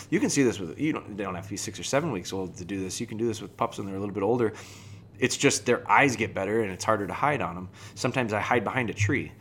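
A man hosting a podcast, explaining puppy training in a relaxed, conversational way, with fillers and restarts. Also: mid-range voice. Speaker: podcast host and dog trainer. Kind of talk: casual podcast talk.

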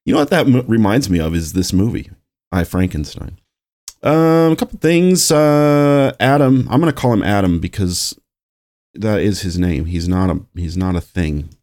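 A man talking in a relaxed, offhand way in a casual podcast chat about films. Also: on the low side, moderate pace.

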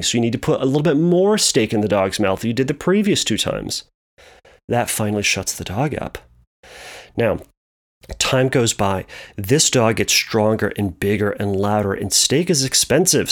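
A man explaining anxiety through a long playful metaphor, animated and repetitive. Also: mid-range voice. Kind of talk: storytelling metaphor lesson.

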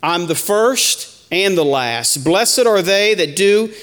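A man's voice: sits high, animated, slow pace, fairly bright tone, big-room sound. A man teaching a Bible study in sermon style, reading scripture aloud and repeating key lines to the church.

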